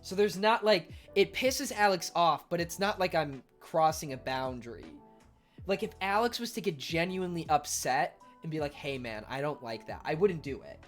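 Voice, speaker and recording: A young man chatting casually on his livestream in an animated, rambling way, full of fillers. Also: on the high side, normal speed, soft background music. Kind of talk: casual stream chat.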